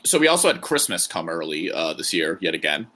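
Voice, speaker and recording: A man's voice: low-pitched, sing-song, brisk, bright, forceful tone. A man co-hosting a podcast, chatting casually and joking as he rambles through his thoughts. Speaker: podcast co-host. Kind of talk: casual chat.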